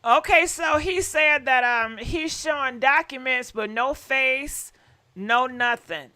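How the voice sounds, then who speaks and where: A woman hosting a gossip live stream in a loose, chatty way, talking straight to her viewers. Her voice sits high and has a bright, forward edge. She drops a curse word here and there as she goes. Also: slow. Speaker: gossip channel host. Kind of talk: casual live-stream commentary.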